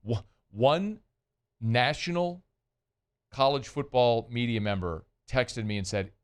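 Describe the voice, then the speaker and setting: A man's voice: mid-range voice, moderate pace. A man hosting sports talk radio, speaking conversationally and giving his opinions with plenty of fillers and restarts.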